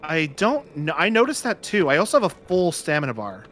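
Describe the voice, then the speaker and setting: Chatty man gamer, bright forceful voice, slightly high, faint room hum behind. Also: huge pitch swings, brisk. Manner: chatty, laughs a lot, puts on silly voices. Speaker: streamer playing the game. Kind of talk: casual gaming chat.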